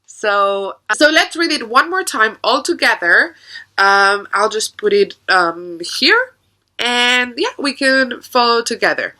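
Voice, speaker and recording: Slow, lively-voiced woman teacher. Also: fairly high pitch, low-quality recording. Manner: patient, explains step by step with questions to the class. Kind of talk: teaching a poem to children.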